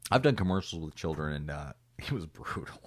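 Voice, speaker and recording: A man's voice: rumbling low, animated, fairly quick, husky, no room sound. A man in his fifties hosting a casual interview, chatty and laughing into his own stories. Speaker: host. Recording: dry close mic.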